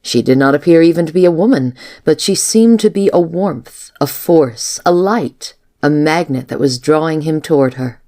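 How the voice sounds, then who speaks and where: A woman narrating a storybook in a measured, even reading style. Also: sits low. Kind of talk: audiobook narration.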